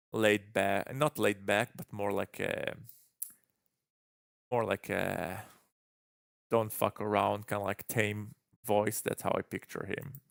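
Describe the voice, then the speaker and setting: A man's voice: on the low side, vocal fry, no room sound, studio quality. A man chatting through a live game stream, with exasperated self-talk.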